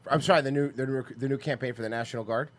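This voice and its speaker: A man co-hosting a podcast with sarcastic, quick-witted comedic banter. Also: medium pitch, steady tone. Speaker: podcast co-host.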